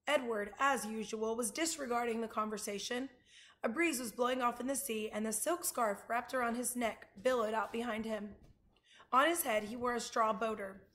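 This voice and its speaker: A woman reading a children's chapter book aloud, pausing to show pictures to her listeners. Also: a little high, fairly bright tone. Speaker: reader.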